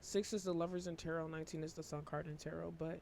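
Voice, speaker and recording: A worn-out man giving a casual tarot reading to camera, talking in a flat, low-energy monotone and swearing casually. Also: quick pace, creaky, slight background noise. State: emotionally worn out. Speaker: tarot reader.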